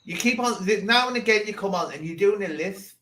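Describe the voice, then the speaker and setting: A man's voice: high-pitched, a little fast, fairly bright tone, rough recording. A man hosting a casual livestream chat, teasing and sarcastic with his guests. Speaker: livestream host.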